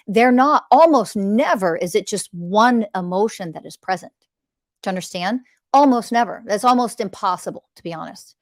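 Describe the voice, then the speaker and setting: A woman's voice: mid-range voice, no echo. Blunt woman podcast host preaching hard, curses a lot, repeats stuff like mantras, dry close sound. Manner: emphatic, blunt, swears for emphasis, repeats phrases like mantras. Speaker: podcast host and spiritual teacher. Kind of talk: impassioned teaching monologue.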